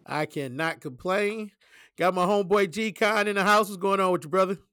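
Male podcast host, easygoing and giggly, higher register, dry close recording. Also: fairly quick, pushed and bright, clean tone, no room sound. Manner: laughs often, easygoing slang. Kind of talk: casual chat.

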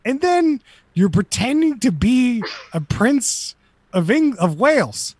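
Animated, rambling man co-host. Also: very high-pitched, slow, breathy edge, no room sound. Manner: rambling, incredulous rhetorical questions. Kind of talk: casual chat.

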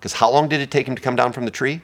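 A man preaching a sermon as pastor, swinging between hushed, intimate lines and loud, emphatic ones. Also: medium pitch, steady tone, racing.

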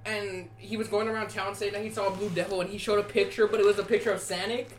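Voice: mid-range voice, steady tone, fast talker, slight background noise. A young adult co-hosting a casual chat, telling stories with energy, swearing often and laughing a lot. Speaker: podcast co-host.

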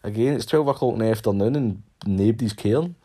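A man's voice: on the low side, quick pace, mellow. A Scottish man ranting in a casual monologue, sweary and sarcastic, mocking people with put-on voices.

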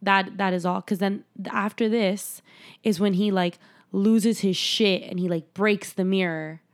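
A woman's voice: medium pitch, fairly even intonation, measured pace. A woman co-hosting a casual movie review podcast, retelling scenes with playful quoted voices and some swearing. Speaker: podcast co-host.

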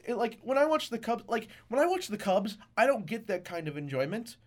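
A man's voice: sits high, sing-song, a little fast. A young man co-hosting a podcast, telling rambling, profane, joking stories in casual chat. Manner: rambling, profane, jokey storytelling. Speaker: podcast co-host.

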